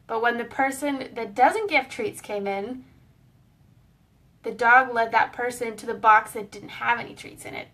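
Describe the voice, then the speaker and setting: Friendly woman educator, a touch high-pitched, talks through a relaxed lesson; recorded a little far off. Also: a little slow. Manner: friendly, explanatory, with small fillers. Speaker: pet wellness educator. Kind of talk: casual online lesson.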